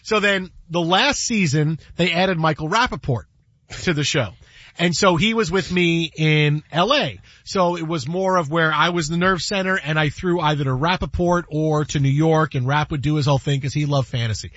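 A man's voice: fairly high pitch, normal speed, no room sound, highs cut off. A man hosting a radio show, telling stories in casual banter and acting out quotes with lots of repeats. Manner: animated, acts out quotes, repeats words. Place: radio studio.

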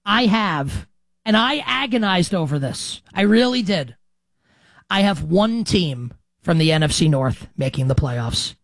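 A man's voice: high-pitched, expressive, unhurried, a bit bright, no room sound. A man in his thirties hosting a sports radio show, delivering a brash, emphatic monologue with jokey asides.

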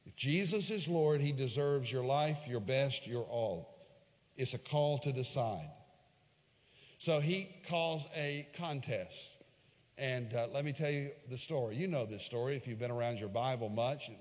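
A man preaching a sermon, retelling a scripture story dramatically, swinging from hushed lines to loud, raised ones. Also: mid-range voice, measured pace. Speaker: pastor. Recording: long hall reverb.

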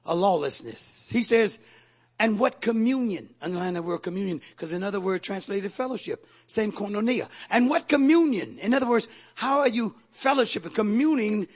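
A man preaching a sermon, moving from quiet asides to shouted exhortations and calling out to the congregation. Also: sits high, slightly rough. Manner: call-and-response exhortations to the congregation.

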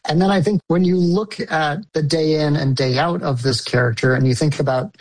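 A filmmaker talking through an interview at a middling pitch. The delivery is reflective, circling back and restarting phrases while searching for the right words. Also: normal speed, poor audio. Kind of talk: interview answers.

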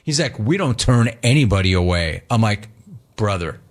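A man's voice: lowish voice, lively intonation, fairly quick. A man hosting a show, telling a casual story and acting out both sides of each conversation. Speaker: host.

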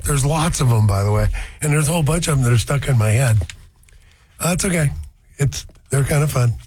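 A man's voice: medium pitch, darkish tone, breathy edge. A man hosting a car radio show, rambling through folksy asides in a casual chat.

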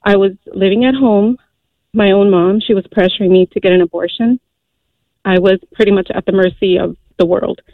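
A woman in her forties calling in to a radio show, telling a personal story earnestly, with many halting fillers. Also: mid-range voice, steady tone, dry recording. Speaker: caller. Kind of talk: call-in radio testimony. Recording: tinny phone line.

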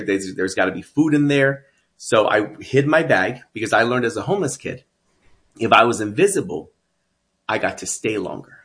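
A man's voice: on the low side, fairly bright tone. A man from Texas telling his life story as a guest, earnest and emphatic. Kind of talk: personal storytelling.

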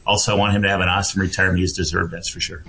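A man appearing as a tourism representative guest, talking in an easygoing, measured way with many fillers. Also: sits low, little pitch movement, creaky, pushed and bright, slight background noise, poor audio. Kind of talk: casual chat.

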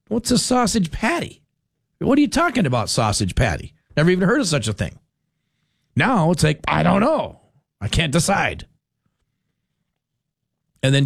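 A man's voice: a little high, dry recording, studio quality. A man hosting a talk radio show, rambling and correcting himself in casual chat. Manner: rambling, animated, self-correcting.

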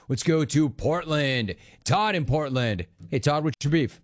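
Speaking at normal speed with hardly any pauses, an expressive host with a mid-range voice runs a call-in radio show. He plays around with callers through jokey, sing-song riffs.

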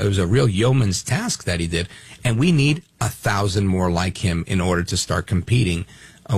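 A man's voice: sits low, husky, no echo. A middle-aged man from Brooklyn hosting a talk radio call-in show, talking emphatically with many fillers. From Brooklyn, New York.

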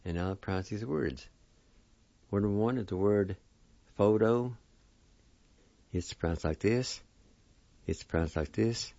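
A man teaching a weekly pronunciation lesson. He sounds out words slowly, syllable by syllable, and then repeats them whole. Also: sits low, gravelly, mellow, dry recording, lo-fi sound. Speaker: language teacher.

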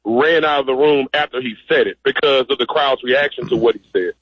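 Calling in by phone as a guest on a radio call-in show, a man speaks emphatically and directly in a mid-range voice. He talks fairly quickly with a breathy edge, and the muffled phone line carries no room sound.

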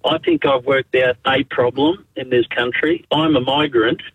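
A man's voice: mid-range voice, fairly even intonation, moderate pace, fairly bright tone, slight background noise. A man with an Australian accent, born in Spain and raised in Australia, calling in to a talkback radio show with a blunt, matey manner. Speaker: caller. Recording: tinny phone line.

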